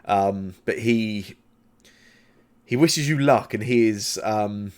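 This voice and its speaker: A man running a tabletop game as game master, narrating loosely with many pauses and fillers. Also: lowish voice.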